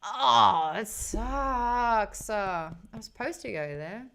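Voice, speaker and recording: A woman's voice: a little high, animated, creaky, a bit bright. Bubbly young Australian woman streamer. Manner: chatty, bubbly, quick to laugh. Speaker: live streamer. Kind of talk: casual live-stream chat, reading viewer comments aloud.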